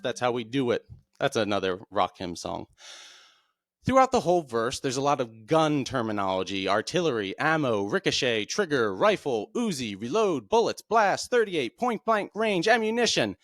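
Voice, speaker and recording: A man hosting his own show, explaining texts in a plain, deliberate way. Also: no room sound, studio quality. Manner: plain, deliberate explaining with lively pitch swings. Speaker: podcast host. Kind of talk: explanatory monologue.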